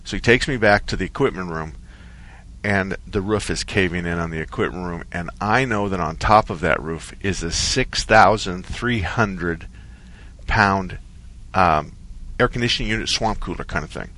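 Radio car guy, man, lowish voice, tells stories loose and easy in the studio. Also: moderate pace. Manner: rambling storyteller, relaxed and chatty. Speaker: radio car-advice show host. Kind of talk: call-in radio chat.

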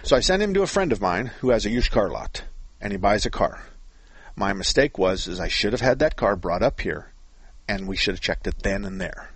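A man's voice: lowish voice, lively intonation, brisk, slightly rough, dry recording. A man hosting a call-in car-repair radio show, explaining things in a folksy, joking, rambling way.

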